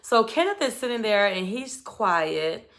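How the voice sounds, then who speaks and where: Bright-voiced chatty woman recapping TV. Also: mid-range voice, a little slow. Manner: chatty, expressive storytelling with asides. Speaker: reality show recap commentator. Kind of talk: casual commentary.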